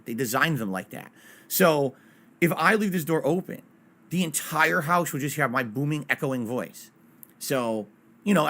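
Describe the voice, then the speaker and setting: A man streaming from his small home office, chatting casually and ranting with plenty of swearing. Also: medium pitch. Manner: animated, ranting, swears freely. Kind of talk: casual solo stream chat.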